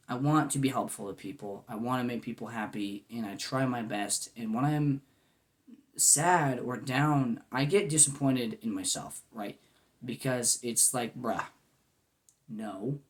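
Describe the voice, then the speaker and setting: Goofy, earnest young man vlogging. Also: medium pitch. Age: 20s. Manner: goofy, earnest, rambling with fillers like "man" and "you know". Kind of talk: casual heartfelt monologue.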